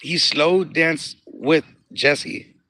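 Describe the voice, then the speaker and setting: A man's voice: a little high, steady tone, slow pace, bright, forceful tone, dry recording. A man on a phone livestream outdoors at a cemetery, telling a personal story casually, laughing often, repeating phrases and getting emotional. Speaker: livestream host.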